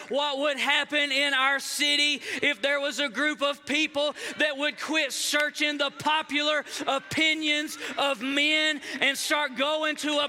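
A man's voice: very high voice, flat delivery, unhurried, hardly any pauses, pushed and bright, big-room sound, a little hiss or hum. A male pastor preaching a sermon in a church, fervent and driving, building on repeated phrases. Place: church sanctuary.

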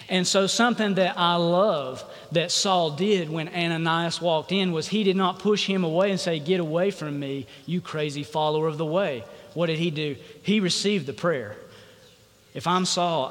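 High-voiced man preaching in a hall. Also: a bit bright. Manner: preaching with call-and-response to the congregation. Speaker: pastor. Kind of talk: sermon. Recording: reverberant hall sound.

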